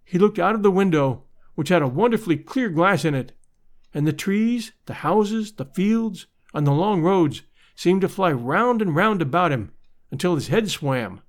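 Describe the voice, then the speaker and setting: Expressive male storybook narrator. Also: sits high, moderate pace. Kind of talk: literary audiobook narration.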